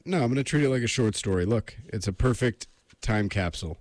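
A man's voice: lowish voice, animated, fairly quick, a little mellow, dry recording. An American man hosting a casual solo show, rambling with self-deprecating asides before reading a book aloud. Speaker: podcast host reading aloud.

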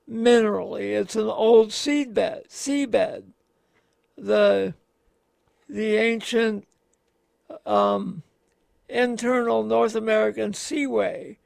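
A man in casual radio chat, explaining in slow, rambling, halting sentences as a gardening expert. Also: sits high, lively intonation, gravelly, a little mellow, no room sound.

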